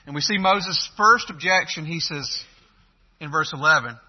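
A man preaching a sermon, emphatic, swinging between loud and soft, with hesitant restarts. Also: a little high, normal speed, husky. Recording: dull lo-fi recording.

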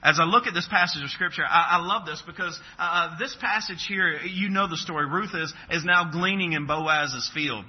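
A man preaching an earnest, animated sermon at a church service, acting out scripture characters. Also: fairly high pitch, moderate pace, hardly any pauses, breathy edge. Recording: dull, muffled sermon recording.

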